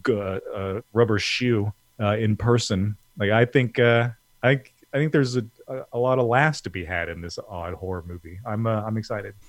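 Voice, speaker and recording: A man's voice: on the low side, steady tone, moderate pace, few pauses, no room sound. A man co-hosting a casual film chat, rambling with many fillers and laughs. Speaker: podcast co-host.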